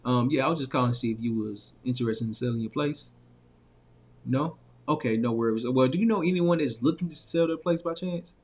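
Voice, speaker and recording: A man with a Southern US accent from Arkansas putting on a deliberately lowered, proper phone voice as a young cold caller. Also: darkish tone, breathy edge, natural voice. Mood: stiff, polite.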